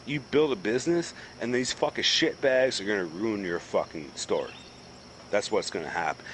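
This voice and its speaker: A man's voice: medium pitch, fairly bright tone, a little hiss or hum, poor audio. East coast guy swearing and ranting while gaming, voice jumps all over, crickets faint behind. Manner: profane, ranting, heated. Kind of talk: casual chat while gaming.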